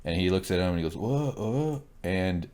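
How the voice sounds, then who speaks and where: The voice is a lowish male one, loose and lively, cracking jokes and swearing freely. He talks casually as a show co-host, walking through scenes and slipping into quick mock voices for the people on screen. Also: smooth. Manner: animated, joking, voices characters mid-sentence, profane. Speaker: podcast co-host. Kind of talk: casual shot-by-shot recap chat.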